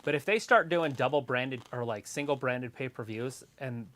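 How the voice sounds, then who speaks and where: A man's voice: medium pitch, moderate pace, fairly bright tone. A man co-hosting a casual live watch-along stream, making offhand, opinionated and teasing remarks. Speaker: stream co-host.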